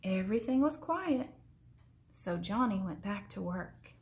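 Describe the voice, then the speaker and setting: A woman reading a children's story aloud in an expressive way, slowing down for suspense. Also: medium pitch. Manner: expressive, slows down for suspense, sometimes drops to a whisper.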